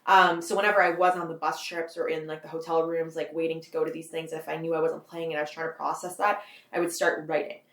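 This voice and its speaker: A young Canadian woman in her twenties rattles on quickly in a slightly low voice, piling up "like" as she goes. Her voice rings with a bit of room echo. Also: level tone, a bit bright. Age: 20s. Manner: rambling, heavy use of "like", frequent laughs. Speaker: guest author. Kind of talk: casual interview.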